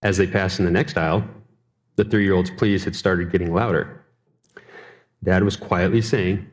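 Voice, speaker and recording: A man's voice: low-pitched, moderate pace, pauses often. A man preaching a sermon, telling a story and asking the congregation rhetorical questions.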